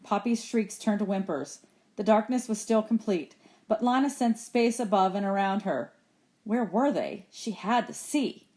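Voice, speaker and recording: A woman reads a children's novel aloud for her students. Her voice sits in an ordinary middle range. She reads with expression and raises her pitch when the characters speak. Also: measured pace, darkish tone. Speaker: teacher reading aloud to students. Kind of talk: audiobook chapter reading.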